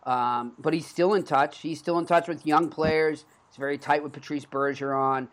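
A man in his thirties with a Boston accent hosts a sports podcast, his voice on the high side with fairly even intonation at normal speed. The chat is casual, rambling, and full of restarts.

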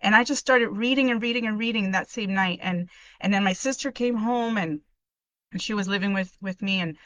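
A middle-aged woman speaks earnestly and emotionally, often restarting her sentences as she shares her personal testimony in a live online workshop. Her voice is bright, and the recording is dry and close, picked up by a computer mic at home. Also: medium pitch, fairly quick, dry recording. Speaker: podcast host sharing her testimony.

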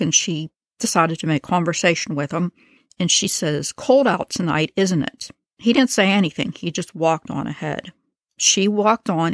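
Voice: mid-range voice, no echo, clean studio sound. A narrator retelling a crime case in a casual, conversational way with slangy asides.

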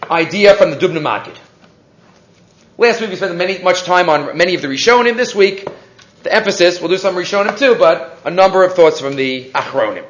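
A man's voice: sits high, fairly bright tone. Guy teaching a torah class, flips between hebrew quotes and english, muffled roomy recording. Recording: echoey room, dull lo-fi sound.

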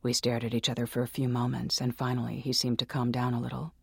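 Brief: gravelly, husky male narrator, hushed and ominous scripted horror reading. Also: medium pitch, little pitch movement, quick pace, few pauses, no echo, clean studio sound. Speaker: narrator and host.

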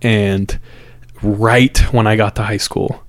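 Low-ish guy telling a creepy story casually, lots of fillers and restarts, dry close sound. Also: fairly even intonation, takes it slowly, no echo. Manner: loose and conversational, repeats words, fillers. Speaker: podcast host.

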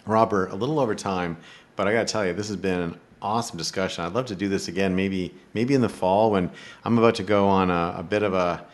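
A man's voice: low voice, fast talker. A man hosting a podcast in casual interview chat, enthusiastic and emphatic, laughing often. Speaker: podcast host.

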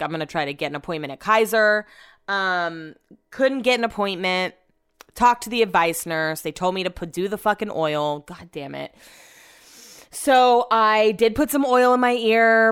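Chatty thirties woman, smooth clear voice, casual storyteller who swears and says "like" a lot. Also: lowish voice, a bit bright. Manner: chatty, heavy use of "like", swears freely.

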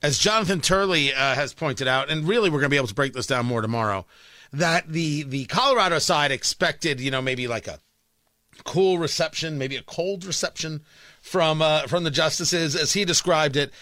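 Emphatic high-voiced talk radio host man. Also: normal speed, bright, forceful tone, dry recording, clean studio sound. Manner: emphatic, combative, repeats lines for punch. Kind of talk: opinionated talk radio monologue.

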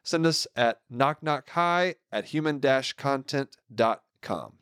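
A man's voice: mid-range voice, expressive, takes it slowly, fairly bright tone, clean tone, dry recording, clean studio sound. A man in his thirties co-hosting a podcast, reading the outro in a joking, casual way with many restarts. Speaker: podcast co-host.

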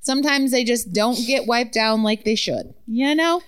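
A woman's voice: on the high side, moderate pace, clean tone. A woman guest on a podcast, a former restaurant server, telling stories in casual chat with swearing and fillers. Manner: animated storyteller, swears, many fillers.

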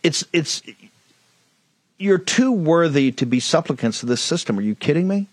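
A man hosts a political talk show in a fiery, blunt monologue. His voice sits a little high and sounds dry and close, with no room around it. He hammers his points with emphasis. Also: animated, normal speed, no echo.

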